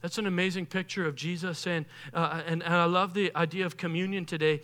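A man preaching a sermon as pastor, animated, acting out the voices of people he quotes, rising to loud bursts and dropping quiet. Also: high voice, brisk, clean tone.

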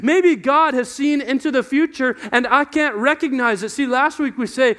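Man preaching, very high voice, conversational, acts out quotes. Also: normal speed, few pauses, fairly bright tone. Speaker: pastor. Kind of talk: sermon.

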